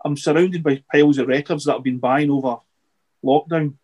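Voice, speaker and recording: Middle-aged guy rambling on a podcast, voice a bit high, keeps restarting his sentences. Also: fairly even intonation, a little mellow, husky. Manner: rambling, halting, repeats words. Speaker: podcast guest. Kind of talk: casual interview chat.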